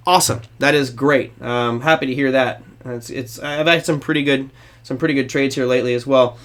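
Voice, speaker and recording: A man's voice: medium pitch, fairly even intonation, brisk, fairly bright tone. A man hosting a trading show, giving casual, rambling market commentary to his viewers with a self-deprecating touch.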